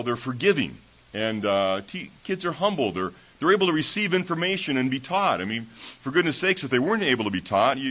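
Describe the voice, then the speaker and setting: A man's voice: mid-range voice, pushed and bright, husky. A man who is a preacher and schoolteacher, giving a sermon in a folksy storytelling way, with many fillers and restarts, heard in a church. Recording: dull lo-fi recording.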